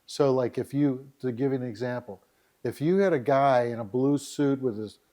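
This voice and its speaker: A middle-aged man, a guest on a podcast, telling stories in a lively, animated way and acting out scenes as he goes. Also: mid-range voice, normal speed. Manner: animated storyteller, acts out scenes. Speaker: dating site founder, guest. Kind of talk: storytelling in a podcast interview.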